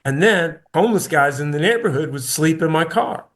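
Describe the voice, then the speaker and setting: A man's voice: a little high, expressive, brisk, fairly bright tone. Man, podcast co-host, casual laughing banter, slightly raised voice. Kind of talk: casual chat.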